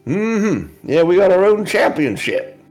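A man's voice: high voice, very animated, measured pace, darkish tone, soft background music. A man voicing Great Mama, a folksy, pious older swamp woman with a drawling, homespun manner.

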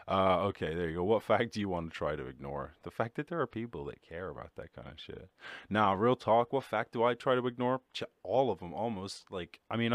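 Low-voiced Irish guy rambling. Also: no room sound. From Ireland. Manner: rambling, swearing, self-mocking, quick shifts into mock voices. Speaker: podcast host. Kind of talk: casual solo chat.

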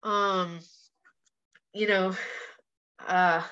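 Her voice sits at a medium pitch with a sharp tone and fairly even intonation, and she talks extremely slowly. A young woman and professional fighter, she's a guest in a casual interview, telling candid, animated stories peppered with "like" and some swearing. Recording quality is lo-fi podcast audio, slightly muffled.

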